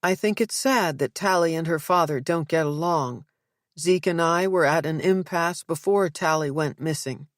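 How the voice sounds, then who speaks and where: A woman voicing a tense middle-aged mother in an audiobook, clipped and sharp. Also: sits low, normal speed, no echo, clean studio sound, natural voice. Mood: flat.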